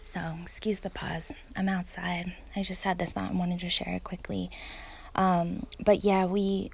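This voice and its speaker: A woman's voice: on the low side, level tone, unhurried, gravelly, slight background noise. A woman in her thirties, a parent, talking outdoors in a casual reflective way, earnest and thoughtful, with fillers and restarts.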